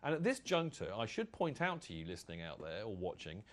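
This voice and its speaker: A man's voice: lowish voice, huge pitch swings, fairly quick. A man hosting a casual fan podcast, chatty and rambling, reading out quotes. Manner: rambling, chatty, does comic voices when quoting. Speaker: podcast host.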